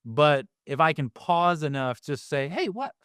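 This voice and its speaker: A man in his thirties talks as a podcast guest, musing slowly with lots of hesitant fillers. His voice is smooth and clear and a little high for a man. The sound is dry and close-miked. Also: fairly bright tone, dry recording. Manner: reflective with many fillers, acts out his kids' voices. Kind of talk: casual conversational interview.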